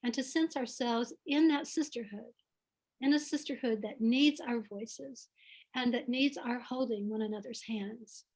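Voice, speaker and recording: A woman from the American South talks in a reflective, heartfelt way, her Southern accent clear in every phrase. Her voice sits slightly high for a woman, and she takes her time. It sounds like a video call. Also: a little mellow. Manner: earnest, heartfelt, unhurried. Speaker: author guest.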